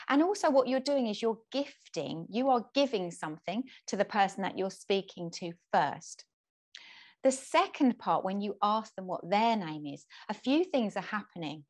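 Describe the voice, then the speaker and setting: A woman's voice: mid-range voice, a little mellow. A middle-aged woman gives a patient, step-by-step lesson to young people. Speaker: presenter teaching kids to introduce themselves. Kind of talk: instructional talk to camera.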